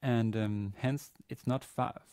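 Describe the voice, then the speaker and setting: A man giving a university grammar lecture, pausing often with fillers and restarting his sentences. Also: mid-range voice, fairly even intonation, a little mellow, clean tone, no room sound, clean studio sound. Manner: hesitant, many fillers and restarts. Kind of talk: classroom lecture. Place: university classroom.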